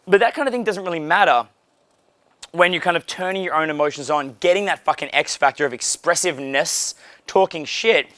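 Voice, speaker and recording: A man in his thirties, a dating coach giving casual, profane, animated coaching talk and acting out dialogues. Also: fairly high pitch, a little fast, no room sound. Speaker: pickup coach.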